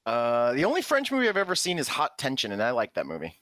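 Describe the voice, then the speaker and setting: A man co-hosting a casual podcast, tossing in quick reactions and jokes. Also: medium pitch, wildly swooping pitch, fairly bright tone, dry recording, studio quality. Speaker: podcast co-host. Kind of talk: casual chat.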